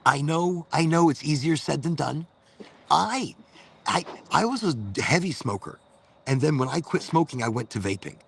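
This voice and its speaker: A man's voice: a little high, lively intonation, moderate pace, vocal fry, fairly bright tone, breathy edge. A man hosting a casual chat, talking loosely and rambling with lots of swearing. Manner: loose, profane, rambling storyteller. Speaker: host.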